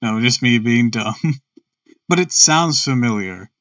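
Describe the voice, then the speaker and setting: A man reads a book aloud on a stream in a casual, chatty way, often stopping to joke about his own slips. His mid-pitched voice sounds dry and a little far from the microphone. The audio is dull. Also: animated, unhurried, a bit bright, dry recording.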